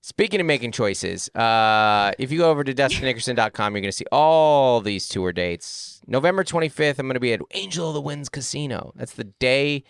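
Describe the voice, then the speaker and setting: A middle-aged man co-hosting a podcast, joking and bantering in a lively, quick way. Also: mid-range voice, creaky, smooth, dry recording, clean studio sound. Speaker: podcast co-host and comedian. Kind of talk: casual chat.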